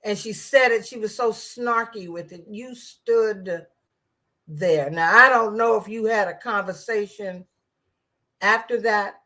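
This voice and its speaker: A woman's voice: mid-range voice, normal speed, sharp tone. A woman giving casual political commentary in a sarcastic, rambling way, with many restarts and asides.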